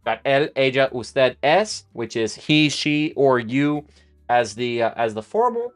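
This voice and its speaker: A man teaches Spanish on a live stream, in a smooth, clear voice. He speaks casually and unscripted, with fillers and quick restarts while he writes conjugations on a board. Faint music plays underneath. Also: mid-range voice, animated, dry recording. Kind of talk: live-streamed language lesson.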